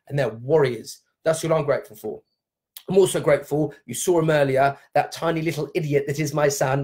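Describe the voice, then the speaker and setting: A man's voice: a little high, a little mellow. A man hosting a live stream from home, giving viewers an upbeat, encouraging motivational talk and speaking straight to them. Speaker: live-stream host, dance company leader. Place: at home during lockdown.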